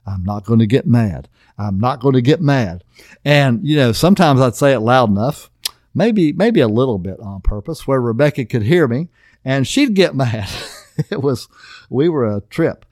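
A man's voice: medium pitch, dry recording, studio quality. A middle-aged man preaching a casual marriage sermon, folksy and plain-spoken, often checking in with "okay?". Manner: folksy, repeatedly asks "okay?". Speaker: pastor.

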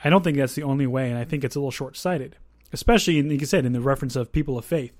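A man hosts a podcast in an easygoing, conversational way, drifting into asides and restarting his thoughts. His voice sits at a middle pitch. The recording is dry and close. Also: rapid-fire, darkish tone, no room sound. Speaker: podcast host. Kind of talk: casual podcast discussion.

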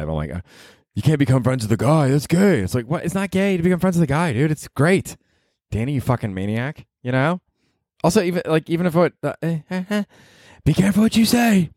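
A man hosts a casual solo podcast, rambling from story to story, swearing casually and laughing at his own jokes. His voice sits fairly low with a darkish tone. The sound is dry and close, with no room around it and no echo.

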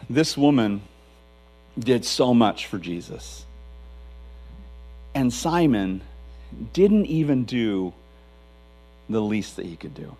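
A middle-aged male pastor preaching a sermon in a conversational, emphatic way, with a low hum behind him. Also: big pitch swings, slow pace, long pauses, mellow, poor audio.

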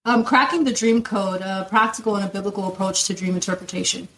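A woman's voice: medium pitch, fairly even intonation, quick pace, fairly bright tone, rough recording. Nigerian-accented woman telling her story. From Lagos, Nigeria, raised in South Florida. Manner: candid, storytelling, laughs often. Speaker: podcast guest. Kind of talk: casual conversational interview.

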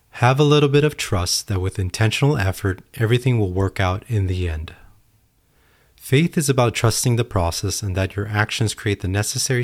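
A man hosting a solo podcast, talking earnestly and telling a parable. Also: lowish voice. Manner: earnest, storytelling. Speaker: podcast host. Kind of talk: reflective solo podcast talk.

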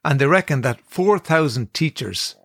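A man's voice: on the high side, lively intonation, normal speed, a bit bright, no room sound, studio quality. A man in his fifties with an Irish accent, hosting a radio talk show in casual chat. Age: 50s. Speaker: radio host.

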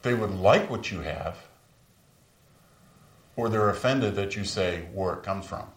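A man in his sixties preaching a sermon as pastor, telling stories and lifting his voice for emphasis. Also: measured pace. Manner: storytelling preacher, rises in pitch for emphasis. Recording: echoey room, voice from far off.

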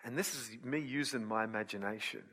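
A man preaching a sermon, telling a Bible story with lively acted-out voices and dropping to a quiet, low tone to explain scripture. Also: brisk.

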